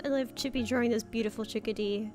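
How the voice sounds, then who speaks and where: A woman's voice: a little high, steady tone, fast talker, darkish tone, faint music behind. A woman chatting casually while drawing on a stream, rambling with lots of fillers and giggles.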